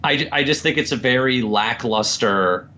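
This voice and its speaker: A man in casual podcast chat, ranting about films with lots of energy and laughing as he talks. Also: a little hiss or hum. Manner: animated, laughs often, mimics people in a slow low drawl. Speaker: podcast guest. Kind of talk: casual chat, movie rant. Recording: dull lo-fi audio.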